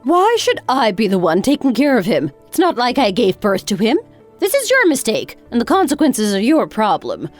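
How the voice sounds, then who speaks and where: A woman's voice: on the high side, wildly swooping pitch, normal speed, soft background music. A woman voicing a harsh, sarcastic older mother-in-law in a dramatized story. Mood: scornful. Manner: cutting, sarcastic.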